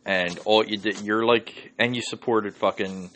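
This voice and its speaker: A man's voice: fairly low pitch, steady tone, a little slow, fairly bright tone, slight background noise. Swearing Philly man ranting on a podcast. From Northeast Philadelphia. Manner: profane, ranting, heavy swearing. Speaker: podcast host. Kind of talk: solo podcast rant.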